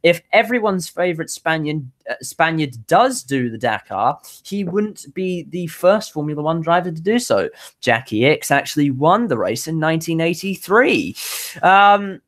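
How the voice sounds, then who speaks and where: A woman's voice: low voice, very animated, moderate pace. A woman co-hosting a casual motorsport news podcast, bubbly and rambling, often restarting her sentences. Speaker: podcast co-host presenting news.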